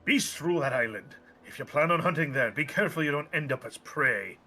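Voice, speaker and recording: A man reading a gruff male sailor aloud in a put-on Irish drawl. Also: on the high side, animated, fairly quick, bright, forceful tone. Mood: warning. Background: game music.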